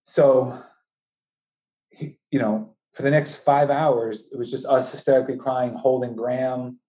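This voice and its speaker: A man telling the story of losing his newborn twins in a halting, emotional way, with frequent restarts. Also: mid-range voice, steady tone, warm tone. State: voice breaking, high and strained with grief. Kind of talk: personal storytelling interview.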